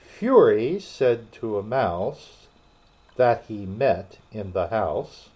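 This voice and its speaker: Guy reading a storybook real slow, lots of ups and downs, muffled lo-fi sound. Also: mid-range voice. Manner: slow, expressive. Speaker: narrator. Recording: dull lo-fi recording.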